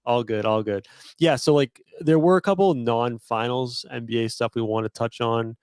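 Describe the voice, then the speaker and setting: A man in casual sports-podcast chat, relaxed and chuckling as he talks, with some cursing. His voice sits at an ordinary middle pitch. It is recorded on a dry, close microphone with no room sound. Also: moderate pace, smooth, dry recording. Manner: laid-back, chuckling, profane. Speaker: podcast co-host.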